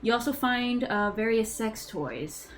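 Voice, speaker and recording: A woman's voice: on the high side, measured pace, loud music behind the voice, poor audio. Woman narrating as game master. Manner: relaxed, hesitant with many fillers.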